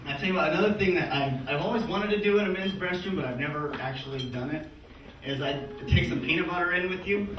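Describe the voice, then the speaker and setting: A man's voice: high-pitched, quick pace. A man in his thirties doing a crude live stand-up set, often laughing through his own punchlines. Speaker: stand-up comedian. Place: comedy club stage with audience. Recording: distant, echoey live-room recording with loud audience noise.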